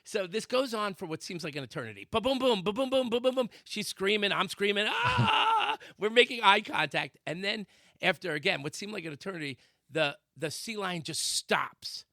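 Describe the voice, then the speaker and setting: A man co-hosting a talk radio show, telling a comic story with sound effects and shouted quotes. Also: sits high, expressive, normal speed, dry recording, clean studio sound. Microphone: studio microphone.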